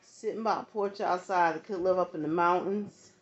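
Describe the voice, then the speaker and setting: Speaking at a normal speed with fairly even intonation, this low-voiced tarot reader, not from the American South, addresses her viewers directly in a casual reading. She often checks in with asides. The recording is dull and lo-fi, with a faint hum of background noise.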